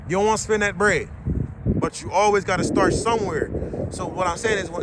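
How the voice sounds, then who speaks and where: A man's voice: sits high, fairly quick. A middle-aged man, a dog breeder, giving blunt, slangy, preachy advice in an outdoor vlog rant. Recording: loud wind and boat noise.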